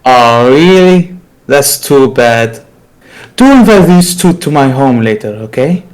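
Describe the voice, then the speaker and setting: A man's voice: medium pitch, sing-song, slow, darkish tone, clean tone, poor audio. A man voicing a fake-sweet, manipulative woman in an amateur story reading, with a mock-affectionate way of talking.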